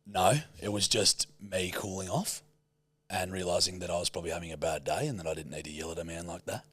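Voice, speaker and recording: A man's voice: deep voice, brisk, slightly rough, no room sound. A man co-hosting a podcast, telling a road rage story in casual chat and swearing a lot. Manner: swears a lot, animated retelling. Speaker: podcast co-host.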